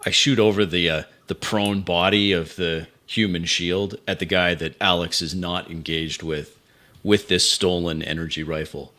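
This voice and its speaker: A man's voice: deep voice, fairly even intonation, normal speed, bright, forceful tone. A man playing a tabletop role-playing game, describing his character's combat moves in a matter-of-fact way. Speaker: player.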